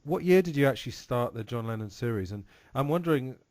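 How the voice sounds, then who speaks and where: A man's voice: mid-range voice, animated, quick pace, a little mellow, no room sound. An English man hosting a podcast interview, asking questions in a friendly, attentive way. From England. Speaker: podcast host. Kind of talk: casual interview chat.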